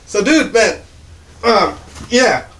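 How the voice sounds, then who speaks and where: A man's voice: high-pitched, very animated, slow, a bit bright. A young man co-hosting a gaming show in a laid-back, casual way, full of "dude" and "like". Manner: laid-back, says "dude" and "like" a lot, laughs easily. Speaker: co-host of a gaming news show. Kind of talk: casual chat.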